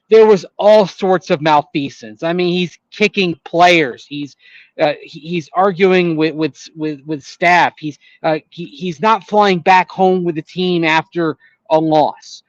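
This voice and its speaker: A man co-hosting a sports radio show, explaining calmly and at length. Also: fairly high pitch, measured pace, no room sound, dull audio. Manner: calm, explanatory, with fillers and restarts. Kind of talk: measured sports talk analysis.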